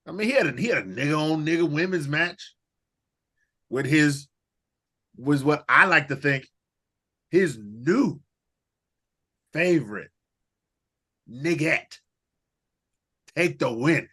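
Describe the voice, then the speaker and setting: A man with a bright, sharp voice jokes crudely through a casual podcast chat. His voice sits a little high and cuts through. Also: slow pace, pauses often. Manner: crude, joking. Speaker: podcast co-host.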